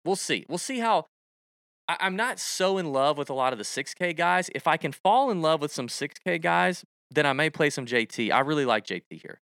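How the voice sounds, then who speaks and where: A man co-hosting a casual podcast, animated, with goofy sound effects and exasperated rants. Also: on the high side, a little fast, no echo, studio quality. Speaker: podcast co-host. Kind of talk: casual chat about golf picks.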